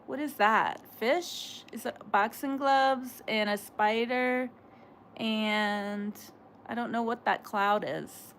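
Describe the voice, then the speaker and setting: A woman's voice: medium pitch, unhurried, a little hiss or hum. Rambling woman streamer chatting with viewers. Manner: rambling, filler-heavy, talks back to chat. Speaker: livestreamer reading chat. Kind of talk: casual livestream chat.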